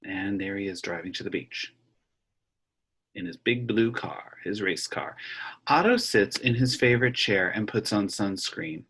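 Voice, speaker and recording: A middle-aged man teaching elementary music over a video call, reading a picture book aloud and explaining rhythms slowly and patiently to children. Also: lowish voice, expressive, a bit bright, husky. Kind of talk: online music lesson with read-aloud. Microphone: computer mic on a video call.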